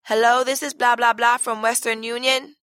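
A woman's voice: on the high side, little pitch movement, moderate pace, a bit bright, clean tone, no echo, clean studio sound, pitched above the performer's own voice, natural voice. A woman voicing a formal, scripted money-transfer phone agent. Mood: businesslike.

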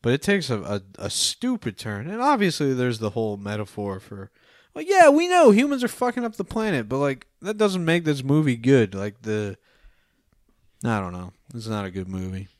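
A man's voice: mid-range voice, big pitch swings, moderate pace, no echo, clean studio sound. A young man co-hosting a podcast, rambling through a film review with lots of fillers and casual swearing. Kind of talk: casual profane chat.

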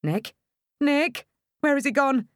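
A woman voicing a frantic young woman in labour, shrill and screeching. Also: big pitch swings, moderate pace, dry recording, clean studio sound. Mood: panicked, shrill.

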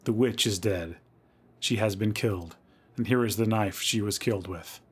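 A man voicing a father who leads a spooky party game with slow, solemn intoning. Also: on the low side, breathy edge.

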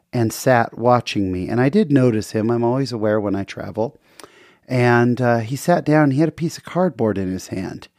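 A man's voice: mid-range voice, a little mellow, no echo. Guy telling a story about his night, earnest, chatty, trips over words a bit, dry recording. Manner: earnest, conversational, with small restarts. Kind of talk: casual personal storytelling. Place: hotel near San Diego, in the story.

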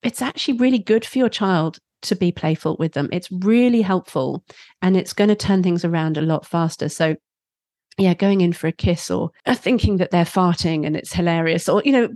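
A woman who works as a parenting instructor, talking as a guest in a podcast interview, playful and quick to laugh. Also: fairly low pitch, dry recording, studio quality. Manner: playful, laughs easily, animated. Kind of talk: conversational interview.

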